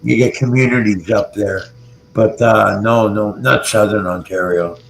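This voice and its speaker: A man's voice: lowish voice, steady tone, unhurried, vocal fry, a bit bright, low-quality recording. A Canadian man hosting a casual livestream chat, easygoing and joking. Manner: easygoing, joking, does impressions. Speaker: show host.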